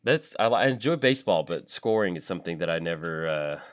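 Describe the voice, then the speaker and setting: A man's voice: low-pitched, animated, fast. A man hosting a casual card game chat over an online call, laughing often and acting out his own thoughts. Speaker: host, commander player. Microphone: own mic on an online call.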